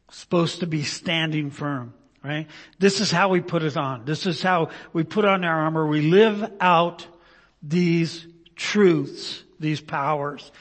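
A man preaching a sermon as pastor, earnestly checking in with "right?" and swinging between loud emphasis and quiet, low-spoken stretches. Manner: frequent "right?" tag questions, earnest. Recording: long reverb of a large hall.

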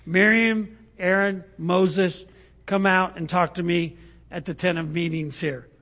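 A man's voice: sits high, steady tone, a little slow, fairly bright tone. A man preaching a sermon, reading scripture aloud and explaining it in a conversational way, often checking in with his listeners. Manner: conversational, asks "right?" often, restarts.

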